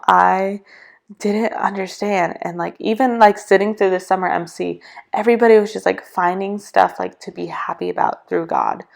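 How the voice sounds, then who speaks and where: Young woman with vocal fry, chatty testimony. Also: on the low side. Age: young adult. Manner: chatty, filler-heavy, acts out quoted dialogue. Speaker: podcast guest. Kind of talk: casual personal testimony.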